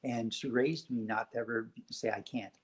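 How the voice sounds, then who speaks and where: A man talks in a soft, gentle way, taking his time over each thought. He sounds reflective and sincere, a guest in a quiet spiritual conversation, with a voice of ordinary male pitch. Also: steady tone, normal speed, rough recording. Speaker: podcast guest.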